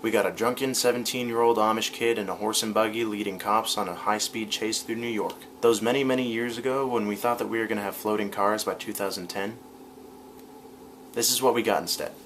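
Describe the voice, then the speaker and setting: A man's voice: on the low side, steady tone, brisk, a bit bright, a little hiss or hum. Profane, sarcastic man ranting on news. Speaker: vlogger. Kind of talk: comedic news commentary.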